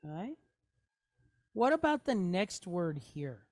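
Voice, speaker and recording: A woman's voice: fairly low pitch, big pitch swings, slow, long pauses, a little mellow, dry recording. A woman teaching a Hebrew reading lesson, going step by step and checking in often with her students. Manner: patient, step-by-step, checking in with "okay? right?". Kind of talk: classroom lesson.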